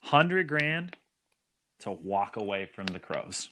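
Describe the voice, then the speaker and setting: A man voicing a gravelly, suited stranger who quietly coaxes someone to take a bribe. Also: on the low side, very animated, slow, slight background noise, full character voice. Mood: coaxing.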